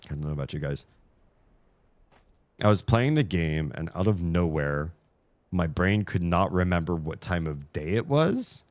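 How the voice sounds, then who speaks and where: A man in his thirties chatting casually on a live stream, rambling and self-mocking, laughing often. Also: rumbling low.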